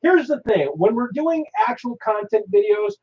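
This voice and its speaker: A man's voice: high voice, lively intonation, moderate pace, a little mellow. A man hosting a live stream, chatting casually in a rambling, joking way with frequent laughter. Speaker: host. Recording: dull lo-fi stream audio.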